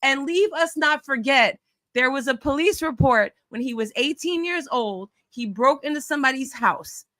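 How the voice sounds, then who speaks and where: A woman's voice: sits high, lively intonation, moderate pace, fairly bright tone, no echo. A woman hosting a casual online chat, telling a story in a blunt, mocking way. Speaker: host.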